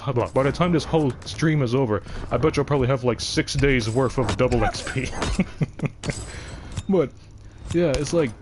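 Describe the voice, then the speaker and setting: Young male game streamer, deep voice, loose digressive chat. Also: noisy background. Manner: rambling, digressive, frequent restarts. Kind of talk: casual livestream chat.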